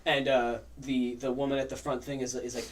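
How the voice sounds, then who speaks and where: A man narrating as game master of a tabletop game, lively and full of character voices. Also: mid-range voice, fairly quick, distant mic, slight background noise. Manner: animated, jumps into character voices.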